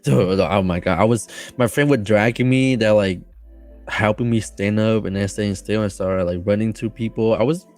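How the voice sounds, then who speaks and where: A man as a podcast guest telling a story casually, rambling and excited, with many fillers and restarts. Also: fairly low pitch, moderate pace, soft background music.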